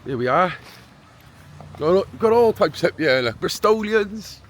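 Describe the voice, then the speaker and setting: A man's voice: high voice, lively intonation, a little slow, slight background noise. Chatty cardiff man vlogging outdoors. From Cardiff, Wales. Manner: chatty, laughing, calls everyone mate. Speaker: vlogger host. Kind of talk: street interviews while walking. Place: outdoors on a housing estate.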